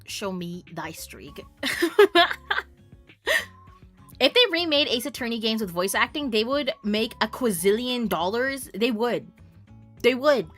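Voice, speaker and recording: A young woman from Canada streams and chats with her viewers, teasing them and trading mock insults. Her voice is bright and a little high, and faint game music plays beneath her talk. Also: lively intonation, unhurried, pauses often. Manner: playful teasing, bursts of laughter and mock insults. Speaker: variety streamer. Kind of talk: casual chat reading stream chat.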